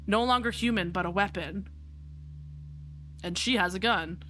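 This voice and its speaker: A woman's voice: medium pitch, a little slow, fairly bright tone, a little hiss or hum. A woman streamer reading a visual novel aloud and chatting casually, rambling with fillers.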